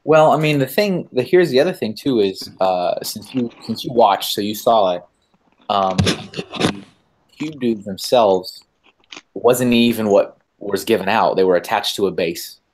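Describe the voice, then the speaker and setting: A man with a low voice talks through a casual video-call chat. He rambles and hesitates, filling gaps with fillers as he explains. The call audio carries clear background noise. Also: unhurried. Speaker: host.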